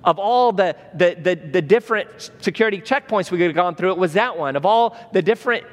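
A middle-aged man delivers a sermon as a vivid story, giving each person in it their own lines. His voice sits high for a man. The sound carries a long reverb from a large hall. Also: fairly quick. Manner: animated storyteller, acts out dialogue. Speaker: preacher.

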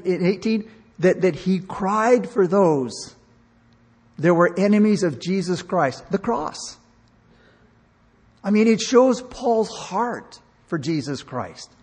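A pastor preaches an earnest, emotional sermon in a church hall, often restarting his words and acting out the voices of characters in his stories. His voice is high-pitched, husky and darkish in tone. The large hall adds a long reverb.

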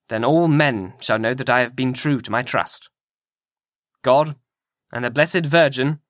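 A man reading an audiobook in a measured, grave manner. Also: medium pitch, dry recording, studio quality. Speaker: audiobook narrator.

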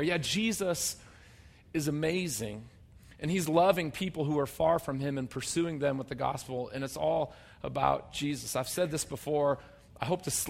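A man preaching a sermon as pastor, conversational and humorous, swinging between loud emphatic bursts and quiet low asides. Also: gravelly. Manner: conversational and humorous, acting out people's voices.

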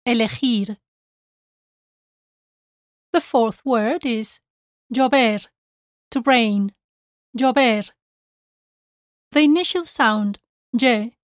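Slow, careful female language teacher. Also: on the high side, dry recording, clean studio sound. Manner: clear, careful, repeats each word twice. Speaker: Spanish pronunciation teacher. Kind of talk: slow scripted pronunciation lesson.

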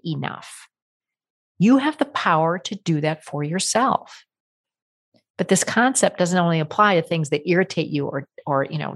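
A woman's voice: lowish voice, breathy edge. Blunt, emphatic woman podcast host. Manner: blunt, emphatic and encouraging, with rhetorical questions. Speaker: podcast host and life coach. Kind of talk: solo podcast monologue.

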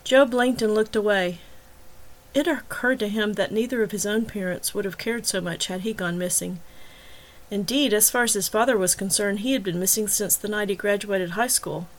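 A woman narrates her own serialized novel, chapter by chapter, at a measured and even pace. Her voice sits at a middle pitch for a woman and stays steady through the narration. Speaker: author and audiobook narrator.

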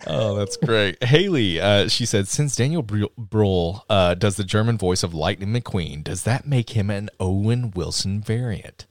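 A man co-hosting a casual live-stream show, reading out listener comments in a lively, laughing way. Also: fairly low pitch, measured pace, few pauses, dry recording, clean studio sound. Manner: animated, laughs a lot, reads chat messages aloud.

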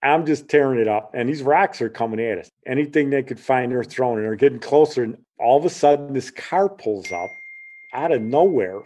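Speaking fairly quickly in a mid-range voice, this middle-aged man from Chicago recounts something that happened to him in a relaxed way. He gets animated, acting out each person's voice.

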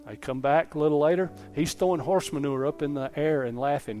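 A man's voice: a little high, steady tone, quick pace, few pauses, dark tone, faint music behind. Folksy preaching man. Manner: folksy preaching, repeats "Amen?", tells stories. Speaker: pastor. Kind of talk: sermon.

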